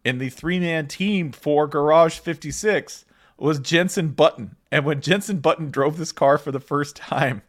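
A man's voice: on the high side, a little slow. A man co-hosting a podcast in casual chat, joking and rambling with frequent restarts. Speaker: podcast co-host.

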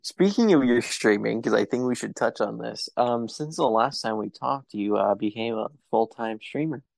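A man's voice: medium pitch, expressive, normal speed, creaky, a little mellow, dry recording. A man hosting a podcast in a casual chat, with a wry, offhand sense of humor. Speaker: podcast host.

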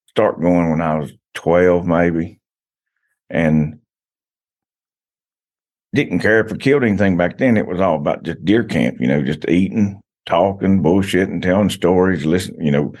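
A man's voice: deep voice, darkish tone. A man telling long rambling stories as a podcast guest, full of restarts and "you know.". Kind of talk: casual podcast chat.

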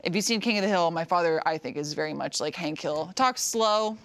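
A woman's voice: lowish voice, a little fast, a bit bright. A woman from Texas co-hosting a casual chat in an easygoing way. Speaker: podcast co-host.

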